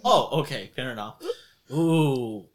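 A man's voice: mid-range voice, takes it slowly. A man running a tabletop game as game master, joking loosely and laughing often. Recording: group chatter and laughter behind.

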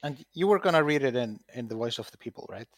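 A man's voice: mid-range voice, animated, quick pace, no room sound. A man co-hosting a casual podcast about a tabletop game, talking in an easygoing way with lots of "yeah" and "I mean". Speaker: podcast co-host. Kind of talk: casual gaming discussion.

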